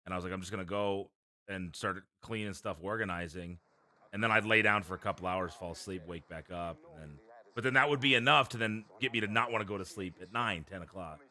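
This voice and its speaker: A man's voice: deep voice, quick pace, pushed and bright. A man chatting casually as a podcast co-host, rambling about his sleep schedule and old game consoles. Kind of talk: casual chat.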